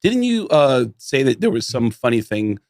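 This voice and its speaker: Comedian guest, male, energetic storyteller who mimics people, dry close mic. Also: mid-range voice, moderate pace, dry recording. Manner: animated storyteller who acts out voices. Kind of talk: casual storytelling chat.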